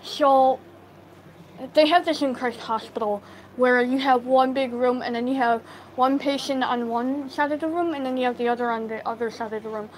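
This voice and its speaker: A woman telling a story casually to live viewers on her phone, halting, with many fillers and restarts. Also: sits high, fairly even intonation, a little hiss or hum, poor audio. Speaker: livestream storyteller.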